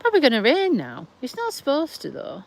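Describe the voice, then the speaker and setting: Her voice is high-pitched, with huge swings in pitch and some vocal fry, over slight background noise. She's a middle-aged vlogger from Lincolnshire, England, whose speech has a South Yorkshire twang, and she rambles slowly and sighs while answering viewers' comments on a casual livestream from her back garden.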